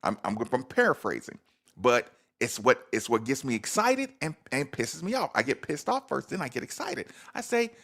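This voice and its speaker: A man's voice: mid-range voice, wildly swooping pitch, normal speed, creaky, a bit bright. A man hosting a casual sports talk show, emphatic and repeating words for stress.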